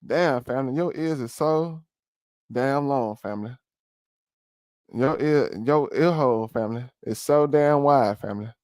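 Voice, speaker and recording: A man doing reaction stream commentary, ranting in a loud, mocking, slangy way. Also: mid-range voice, a little slow, no room sound, studio quality. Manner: loud, mocking, slangy rants with sudden shouts.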